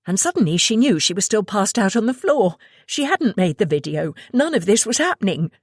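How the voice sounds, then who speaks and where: A woman reading a thriller audiobook aloud in a steady storytelling way. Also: medium pitch, fairly quick, breathy edge, dry recording, studio quality. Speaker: audiobook narrator. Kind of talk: scripted narration.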